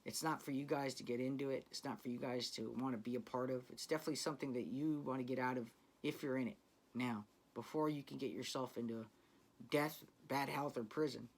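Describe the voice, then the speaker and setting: A man's voice: mid-range voice, steady tone, a little fast. A man hosting his own channel, telling a crime story in casual street slang, swearing freely and talking to viewers as guys.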